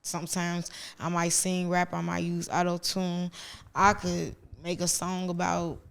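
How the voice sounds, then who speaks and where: A woman's voice: lowish voice, monotone, a little slow, vocal fry, clear, resonant tone. A woman with a Gary, Indiana accent, a guest rapper chatting casually, laid-back and goofy, swearing freely. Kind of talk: casual podcast chat.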